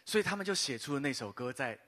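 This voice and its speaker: A man, a pastor telling a personal story in a sermon, pausing in short bursts for an interpreter. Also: mid-range voice. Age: 50s. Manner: lively storytelling pauses for an interpreter. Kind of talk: sermon testimony.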